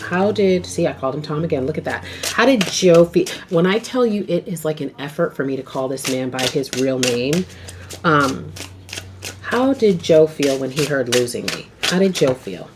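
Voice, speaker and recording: A woman's voice: low-pitched, expressive, normal speed. A woman doing a casual, rambling tarot reading to camera, often asking okay. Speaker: tarot reader. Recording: noisy home video recording.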